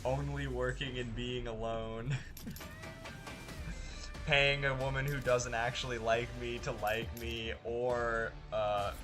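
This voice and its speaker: A man giving casual, joking commentary while streaming a tank game. He shifts from chatty asides to sudden loud excited outbursts. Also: medium pitch, slow pace, soft background music. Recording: loud game noise behind. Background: tank game gunfire and engines.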